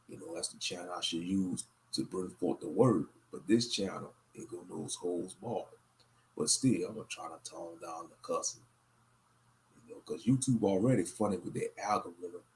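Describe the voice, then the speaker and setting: A man hosting a casual late-night livestream, talking in a low-key, monotone, rambling way and sounding tired and worn out. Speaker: livestream host.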